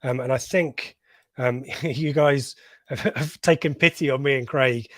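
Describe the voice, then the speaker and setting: Man, podcast co-host, casual chat, reads comments, mid pitch, dry close sound. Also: measured pace, a bit bright, no room sound. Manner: chatty, reads out viewer comments, laughs often. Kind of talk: casual live reaction chat.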